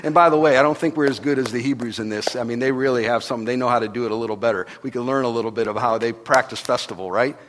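A man preaching a sermon as pastor, telling stories with animation and swinging between hushed and loud delivery. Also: medium pitch, very fast, hardly any pauses, a little hiss or hum. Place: church hall. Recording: long reverb of a large hall.

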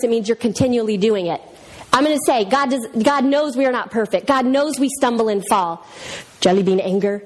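A woman in her thirties teaching a Bible lesson in a casual, animated way, telling stories and acting out voices. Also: high-pitched. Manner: animated storyteller, acts out voices.

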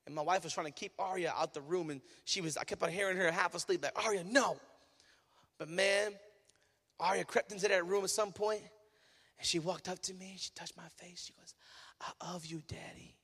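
A young man preaching a sermon as pastor in a church, swinging between loud emphatic rises and quiet asides. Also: high-pitched, fairly even intonation, a little fast, slightly rough. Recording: church hall reverb, faint music.

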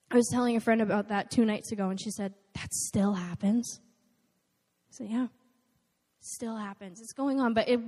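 A young woman giving an animated storytelling talk to an audience, acting out the voices of the people she quotes. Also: fairly high pitch. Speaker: nonprofit volunteer speaker. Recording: long hall reverb.

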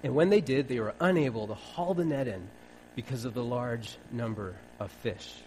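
A man's voice: medium pitch, normal speed, darkish tone, slight background noise, poor audio. A man preaching a sermon in a wry, conversational way, acting out bits of dialogue.

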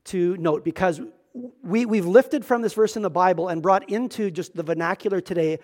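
A man's voice: high-pitched, normal speed, a little mellow. A male pastor preaching a sermon in a church, earnest and emphatic, often repeating words as he starts a thought.

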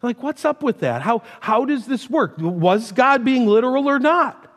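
A man's voice: very high-pitched, lively intonation, unhurried, fairly bright tone. A middle-aged man preaching a sermon in a church, conversational and emphatic, weaving in personal stories. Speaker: pastor. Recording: long hall reverb.

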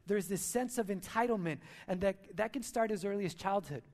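A man's voice: high-pitched, a little fast, a little mellow. A male pastor preaching a sermon at a church service, emphatic, repeating key lines and asking rhetorical questions.

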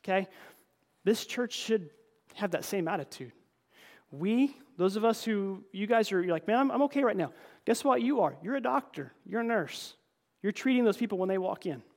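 A pastor with a high, animated voice preaches a conversational sermon in church at normal speed. He's earnest, often repeats words, and addresses the congregation as folks.

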